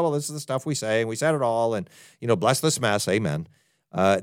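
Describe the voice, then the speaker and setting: A man preaching as a pastor in a conversational sermon, animated and talking straight to his listeners with asides. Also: medium pitch, no echo, clean studio sound.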